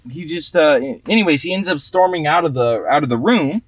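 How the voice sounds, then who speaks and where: A man's voice: fairly high pitch, expressive, fairly quick, dry recording. A young man playing a party-goer who tells a long story in a rambling, profane, slangy way full of fillers. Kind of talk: casual film dialogue.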